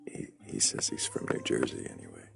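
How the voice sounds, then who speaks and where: A man speaking quietly and hesitantly in a casual live stream chat. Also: brisk, whispered, over music.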